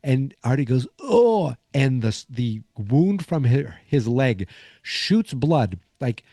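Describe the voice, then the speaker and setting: A man's voice: medium pitch, slow pace, warm tone, dry recording, clean studio sound. A man hosting a podcast, casually recapping a sitcom episode in a rambling way, acting out bits of dialogue along the way. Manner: rambling, acts out quotes from the episode. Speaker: podcast host.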